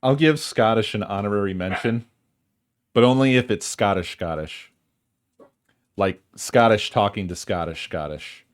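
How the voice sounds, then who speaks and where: A man's voice: on the low side, moderate pace. A male streamer in casual chat with his viewers, musing in a dry, wry way and swearing freely.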